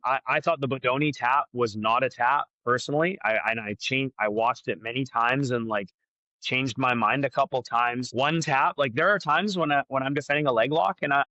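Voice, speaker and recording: A man talks frankly as a podcast guest and works through his opinions aloud, with plenty of fillers and restarts. His voice is bright and forceful. The sound is dry and close. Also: mid-range voice, normal speed, dry recording, lo-fi sound. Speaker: jiu-jitsu black belt and academy owner, guest. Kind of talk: casual podcast conversation.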